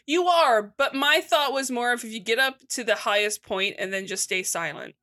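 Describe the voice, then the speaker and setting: Bright-voiced woman recapping with wry asides. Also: a little high, moderate pace. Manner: animated storytelling with wry asides and swearing. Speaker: podcast co-host recapping a horror story. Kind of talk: casual chat.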